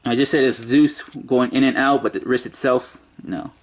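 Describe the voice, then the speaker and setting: A man's voice: medium pitch, normal speed. A man giving a casual toy review, muttering and joking to himself as he handles the figure.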